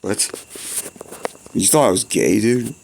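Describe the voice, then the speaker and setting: A man's voice: on the low side, slow pace, creaky, a little mellow, slight background noise. A young man in rambling, profane comedy-skit banter, full of slang and back-and-forth.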